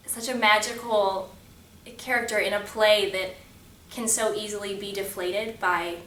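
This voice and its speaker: A woman's voice: medium pitch, fairly bright tone. A young woman, a stage actress, talking earnestly about playing her role in an interview. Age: young adult. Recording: roomy, distant mic, faint noise.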